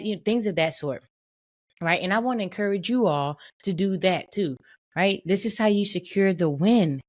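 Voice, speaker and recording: Emphatic woman podcast host, low voice. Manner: emphatic, repeats "right?" and restates points. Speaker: podcast host and boundaries coach. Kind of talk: motivational solo podcast talk.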